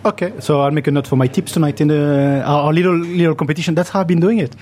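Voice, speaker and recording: A man with a French accent hosts a casual podcast. His voice sits somewhat high, and he talks in a relaxed, slightly tipsy way. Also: fast. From France. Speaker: podcast host. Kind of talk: casual chat.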